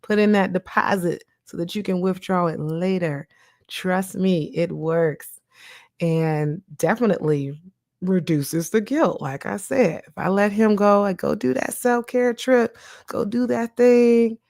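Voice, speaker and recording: A woman hosting a casual podcast as a therapist, animated and encouraging, acting out her own inner voice as she talks. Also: medium pitch, a little slow, vocal fry, no echo, clean studio sound. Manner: encouraging, direct advice to listeners. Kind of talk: casual motivational podcast talk.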